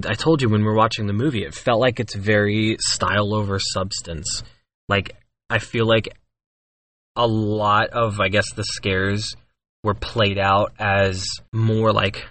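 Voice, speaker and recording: A man's voice: fairly low pitch, level tone, slow pace, a bit bright. Hesitant young man chatting casually. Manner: reflective, hesitant, many fillers. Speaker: podcast co-host. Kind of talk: casual chat.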